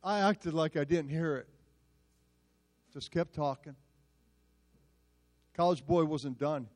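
A male pastor telling a story in a sermon, animated and self-mocking. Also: on the high side, takes it slowly, long pauses.

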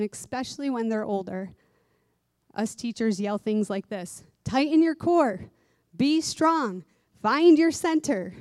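A woman's voice: medium pitch, dark tone, no room sound. A woman who teaches dance giving an earnest devotional sermon, repeating key phrases for emphasis.

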